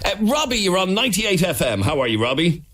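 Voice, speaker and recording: A man's voice: high-pitched, very animated, fast talker, fairly bright tone. A man with an Irish accent hosting a radio phone-in, talking with many hesitations and restarts. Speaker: radio talk show host.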